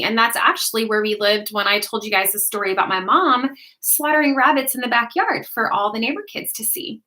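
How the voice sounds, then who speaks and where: A woman's voice: a little high, pushed and bright. A woman hosting a casual livestream, chatting easily and laughing often as she reads out and answers viewers' comments. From United States. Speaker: livestream host.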